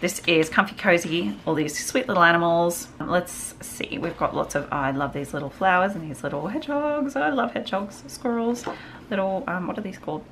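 A woman with a low-pitched voice talks through her craft haul in a relaxed, chatty way. She gushes over each piece with small exclamations of delight. A faint hiss sits quietly behind her. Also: brisk. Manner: chatty and gushing, frequent little exclamations. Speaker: craft vlogger. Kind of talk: casual show-and-tell haul.

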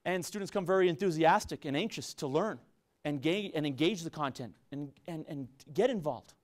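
With lively intonation and a fairly high pitch at normal speed, a middle-aged man lectures students in earnest. He teaches business at a university, has a San Luis Valley Colorado accent, and often repeats himself and restarts his phrases.

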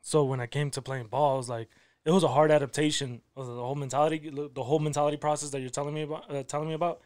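A man's voice: a little high, steady tone, rapid-fire, darkish tone. A man hosting a casual podcast, laid-back and slangy with many filler words. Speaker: podcast host.

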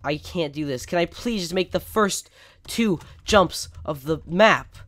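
A man's voice: a little high, expressive, measured pace, fairly bright tone, a little hiss or hum. A man hosting casual gameplay commentary, melodramatic and overreacting, stammering, sometimes leaning away from his desk microphone. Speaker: gaming video host.

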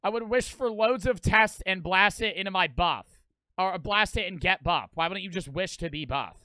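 A man's voice: sits high, moderate pace, pushed and bright, no echo. A young man streaming a reaction video, with profane, mocking, rambling commentary.

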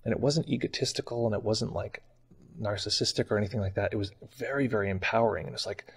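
A man's voice: on the low side, fairly even intonation, fast, vocal fry, breathy edge. A man telling a personal story in a casual, rambling way, with many fillers. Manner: casual and rambling, heavy use of "like". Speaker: meditation channel host.

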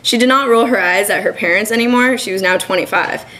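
Young woman, student fiction reading, measured delivery. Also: medium pitch, bright, forceful tone, poor audio. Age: young adult. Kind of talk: literary reading. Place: college reading event.

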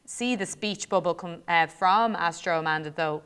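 Smooth-voiced Irish woman, chatty. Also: fairly low pitch, moderate pace, fairly bright tone. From Ireland. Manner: chatty, thinks aloud with fillers. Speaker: co-host teacher. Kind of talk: casual classroom demo while playing.

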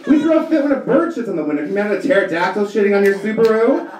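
A man in his thirties performs stand-up, ranting in an exasperated, profane tone with a somewhat high voice that leaps all over the place. He is picked up from a distance in a reverberant club. Loud audience laughter fills the background. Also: very animated, very fast, few pauses, crowd noise. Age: 30s. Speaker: stand-up comedian. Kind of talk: stand-up comedy set. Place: comedy club stage before a live audience.

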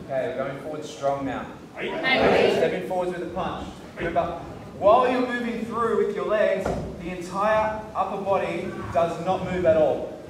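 A man's voice: high voice, expressive, moderate pace. A man with an Australian accent teaching a karate workshop, explaining step by step and checking that the class follows. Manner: explains step by step, asks "hey?" for agreement, shouts counts. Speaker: karate instructor. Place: large echoey training hall. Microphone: camera mic from a distance. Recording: echoey hall, far from the mic, room noise.

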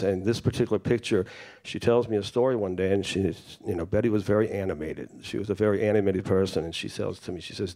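A man with a fairly low voice speaks to a live audience. He tells his anecdotes with relish, switching into the voices of the people in them. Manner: animated anecdote-telling, acts out quoted voices. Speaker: festival speaker sharing family stories. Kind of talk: storytelling talk to an audience.

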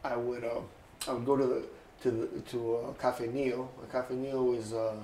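An older man in his sixties spins animated stories for an oral history interview, slipping into quoted voices and chuckling between lines. His voice sits at an ordinary pitch. The room is roomy, with a faint hiss underneath. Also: moderate pace. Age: 60s. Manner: lively anecdotal, acts out quoted voices, chuckles often. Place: interview booth.

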